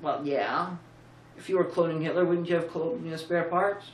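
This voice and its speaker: A woman's voice: deep voice, fairly even intonation, normal speed, a little hiss or hum. Tired, rambling woman, roomy and distant. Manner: rambling, sarcastic, jokey riffs with many restarts. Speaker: film review co-host. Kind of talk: casual film review chat.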